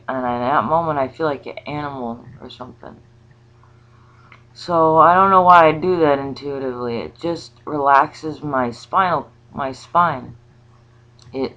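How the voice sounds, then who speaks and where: Woman vlogger, casual spiritual musing, halting delivery, dull lo-fi sound. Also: rumbling low, a bit bright. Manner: rambling, halting, with many restarts and fillers.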